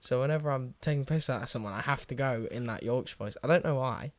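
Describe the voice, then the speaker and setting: A man's voice: medium pitch, fast, no room sound. A young man co-hosting a podcast. He talks in jokey banter, laughs often and swears casually. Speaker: podcast co-host.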